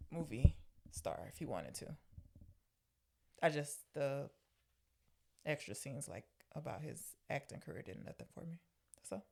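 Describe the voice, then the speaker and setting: A woman co-hosting a movie podcast in easy, casual chat. Her voice has a gravelly edge. She pokes at her partner with wry, pointed questions. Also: sits low. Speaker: podcast co-host.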